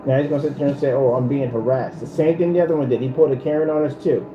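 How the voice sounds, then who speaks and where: A man's voice: on the high side, racing, muffled recording, background noise. A man hosting a confrontational commentary rant, taunting and repeating himself. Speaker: channel host. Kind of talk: ranting commentary video. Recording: echoey room with music behind.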